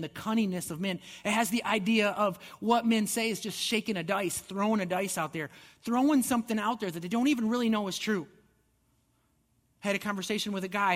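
A man's voice: sits high, in a large hall. A man giving a sermon as pastor, conversational and earnest, often restarting his words. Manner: conversational preaching with repeated restarts.

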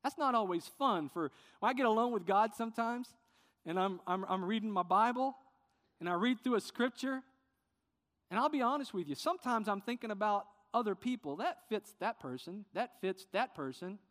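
A man preaching a sermon as pastor, earnest and sometimes softening with emotion. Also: high voice, expressive, a little fast, big-room sound. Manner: earnest preaching, quieter and tender when emotional.

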